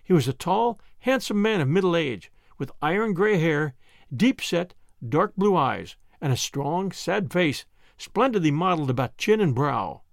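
A man narrates a classic novel with gentle, expressive storytelling. His voice sits high and moves with lively pitch. The recording is close and dry. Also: a little slow, gravelly, dry recording. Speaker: audiobook narrator. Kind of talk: scripted narration.

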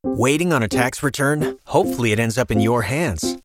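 A man reading a scripted ad in a smooth, steady, persuasive manner. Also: medium pitch, fairly quick. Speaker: ad announcer. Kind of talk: scripted ad read. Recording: voice over loud music bed.

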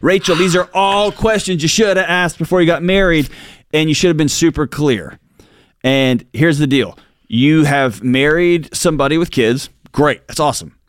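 A man's voice: fairly high pitch, moderate pace, clean tone, dry recording, studio quality. A man co-hosting a money advice show, talking earnestly and colloquially with listeners. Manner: earnest, colloquial, uses y'all. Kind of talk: casual radio advice talk.

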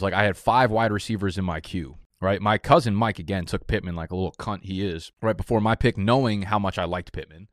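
Fast-talking profane man, low voice. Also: no room sound, studio quality. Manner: profane, rambling, self-described monotone. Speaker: fantasy football content creator. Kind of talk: casual draft recap monologue.

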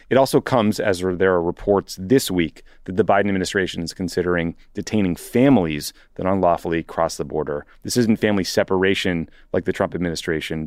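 A man's voice: sits low, no room sound, studio quality. A man co-hosting a political podcast, reading out news items and then commenting on them in a casual way. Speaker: podcast co-host.

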